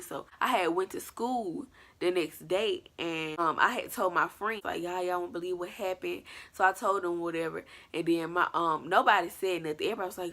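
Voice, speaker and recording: Woman vlogger, slightly low voice, casual and animated, acts out her story. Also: vocal fry, slightly rough. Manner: animated, colloquial, acts out scenes. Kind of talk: storytime vlog.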